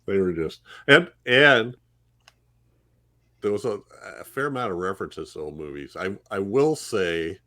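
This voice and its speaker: A man's voice: lowish voice, lively intonation, unhurried, pushed and bright. A middle-aged man giving an enthusiastic casual film review on a podcast, often stumbling and repeating words. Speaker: podcast panelist.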